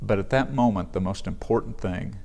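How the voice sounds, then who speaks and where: A man's voice: on the low side, fairly quick, creaky, warm tone. A male pastor giving a sermon in an earnest, conversational way in a church sanctuary.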